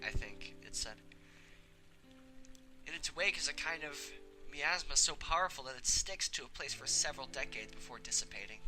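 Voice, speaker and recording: A young man hosting a let's play, reading a visual novel aloud with casual, halting asides. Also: mid-range voice, bright, forceful tone, low-quality recording.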